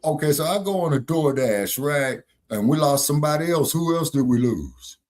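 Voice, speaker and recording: A man co-hosting a casual online chat show, telling profane, animated stories about his delivery work. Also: fairly high pitch, moderate pace. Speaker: co-host.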